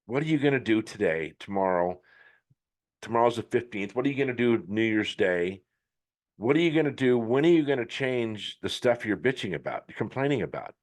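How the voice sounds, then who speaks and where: A man's voice: medium pitch, expressive, fairly quick. A middle-aged man hosting a podcast, giving a blunt, emphatic motivational monologue with some swearing. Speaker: podcast host.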